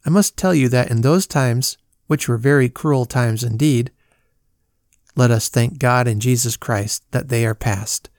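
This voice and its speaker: A man's voice: mid-range voice, unhurried, a little mellow, no echo, clean studio sound. Man reading a solemn Bible story. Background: faint guitar music.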